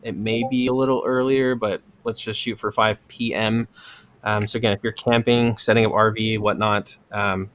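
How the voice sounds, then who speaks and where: A man hosting a podcast in casual chat, relaxed and full of fillers. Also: fairly low pitch, normal speed. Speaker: podcast host.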